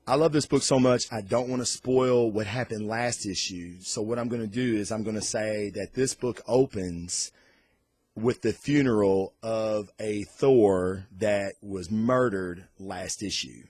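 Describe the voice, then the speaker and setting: A man giving a casual, excited comic book review on camera, rambling off on tangents and swearing freely. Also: fairly low pitch, measured pace, no room sound. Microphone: recorded on camera.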